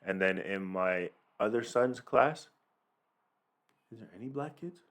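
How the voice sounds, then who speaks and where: A man's voice: fairly low pitch, animated, a little slow, a bit bright. A man co-hosting a podcast in a casual, thoughtful chat. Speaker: podcast co-host. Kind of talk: casual conversation.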